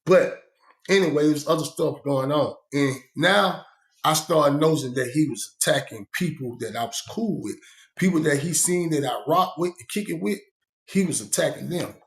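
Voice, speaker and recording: A man's voice: on the high side, moderate pace, roomy sound. Rambling man telling stories. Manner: profane, rambling, conversational. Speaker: vlogger. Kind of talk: storytelling monologue.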